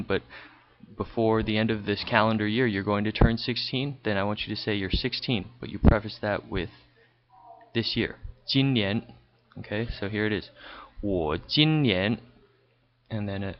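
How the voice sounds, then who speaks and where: A man teaching a recorded language lesson over slides, explaining patiently and checking in with a frequent "okay". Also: fairly low pitch. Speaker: high school Chinese teacher. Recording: dull lo-fi recording.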